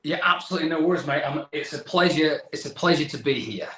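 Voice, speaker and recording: A man's voice: fairly high pitch, quick pace, a bit bright. Chatty English man on an echoey call. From England. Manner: chatty, self-deprecating, rambling with restarts. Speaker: magician guest. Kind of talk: casual video-call interview.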